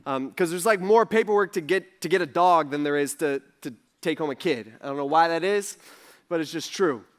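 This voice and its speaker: A man in his thirties, a pastor, preaching a conversational sermon with animated storytelling and frequent fillers. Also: a little high, brisk. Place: church sanctuary.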